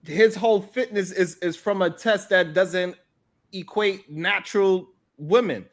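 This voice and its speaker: A woman's voice: medium pitch, unhurried. A woman co-hosting a heated casual debate, talking in a brash, profane, argumentative way.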